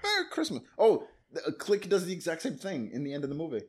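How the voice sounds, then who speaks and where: A man's voice: fairly high pitch, animated, fast, warm tone, breathy edge. A man co-hosting a casual movie recap, talking animatedly, laughing often and acting out quotes. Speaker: podcast co-host.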